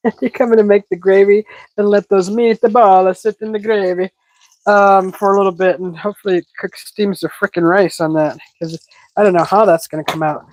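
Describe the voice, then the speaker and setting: A woman's voice: normal speed, no room sound, poor audio. Chatty woman hosting a cooking stream. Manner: chatty, improvising, bursts into excited high squeals greeting chat. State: breathing heavily. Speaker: cooking livestream host. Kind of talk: casual cooking livestream chat.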